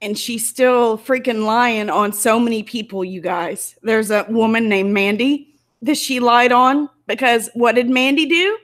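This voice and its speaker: Tearful, indignant woman vlogger, fairly high voice. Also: steady tone, a little slow, fairly bright tone. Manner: emotional, indignant, close to tears. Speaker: YouTuber. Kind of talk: angry commentary vlog.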